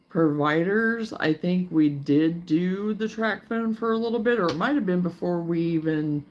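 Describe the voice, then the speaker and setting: This woman's voice sits on the low side with a darkish tone, and there's slight noise in the background. She's running a casual crochet livestream, drowsy and yawning, meandering through easygoing chat and reading out what viewers write.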